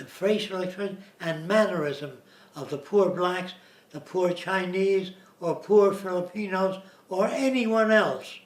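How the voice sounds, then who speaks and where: A man's voice: on the high side, gravelly. A man giving an informal lecture, explaining his point step by step and now and then mimicking how others talk. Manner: explanatory, slips into mimicking accents. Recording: roomy, distant mic, faint hiss.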